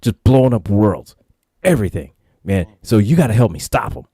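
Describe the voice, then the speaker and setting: Rambling, desperate stranger; man doing it low and dry. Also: sing-song, fairly quick, dark tone, husky, dry recording, full character voice. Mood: urgent. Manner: urgent, rambling slang. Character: frantic disheveled stranger man begging for help.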